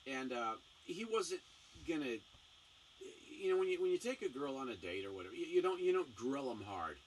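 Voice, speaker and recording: A man's voice: fairly high pitch, a little fast. A man hosting a casual talk show, telling stories and acting out the voices in them. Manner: animated, acts out voices in anecdotes. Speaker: missionary speaker, show host. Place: small home studio. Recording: distant mic, faint background noise.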